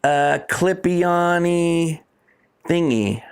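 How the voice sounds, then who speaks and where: A man's voice: on the high side, extremely slow, creaky, clean tone. A man from the United States co-hosting a casual chat while unboxing fan mail, easygoing and laughing often. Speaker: podcast co-host.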